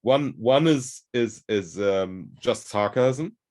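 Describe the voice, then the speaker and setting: A man's voice: lowish voice, expressive, slow pace, a little mellow. A man hosting a conversation, explaining ideas in a thoughtful, searching way. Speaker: host. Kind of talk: conversational discussion.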